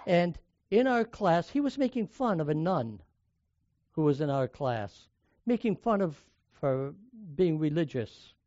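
High-voiced older male preacher. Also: expressive, measured pace, warm tone, no room sound, lo-fi sound. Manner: conversational storytelling, varies volume for emphasis. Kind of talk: sermon with personal story.

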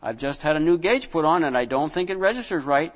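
A man's voice: fairly high pitch, animated, fast. A man voicing a busy gas station attendant who speaks patiently and matter-of-factly. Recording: dull lo-fi with long reverb.

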